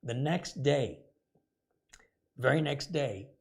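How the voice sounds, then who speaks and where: A man's voice: mid-range voice, expressive, takes it slowly, a little mellow, breathy edge. A middle-aged man hosting a live stream, casually retelling a story and acting out the quoted dialogue with indignation. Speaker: host.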